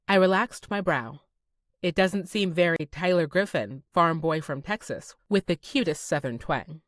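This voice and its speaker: A woman reading a first-person romance audiobook in a soft, dreamy manner, close to the mic. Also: low voice, animated, normal speed, no echo. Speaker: audiobook narrator. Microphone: close studio mic.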